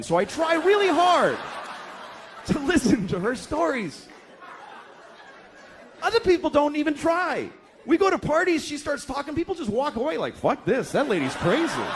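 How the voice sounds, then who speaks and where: A man doing a profane stand-up comedy routine, acting out characters in shifting voices. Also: high-pitched. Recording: live club with crowd and faint noise.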